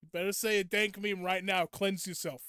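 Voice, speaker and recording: Playful ranting young man, high voice. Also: fairly even intonation, moderate pace, bright, forceful tone, clean tone, no room sound, studio quality. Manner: playful mock-indignant ranting at viewers. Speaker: gaming streamer. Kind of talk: casual live gameplay chat.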